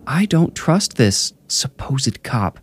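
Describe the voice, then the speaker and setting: A man's voice: mid-range voice, very animated, slow pace, breathy edge, voice pushed up, full character voice. A man voicing a wary, defiant woman executive in a horror story reading. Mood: suspicious. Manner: sharp, suspicious, then frightened and pleading.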